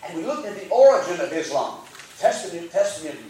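A man preaching a sermon as pastor, fervent and call-and-response, rising to shouts. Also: high voice, very animated, fairly quick. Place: church sanctuary. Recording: very echoey church, mic at a distance.

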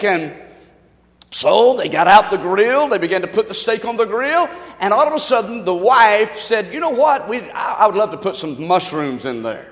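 High-voiced folksy preacher in a reverberant hall. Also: male voice. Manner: folksy, emphatic preaching with animated storytelling. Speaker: pastor. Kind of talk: sermon with storytelling.

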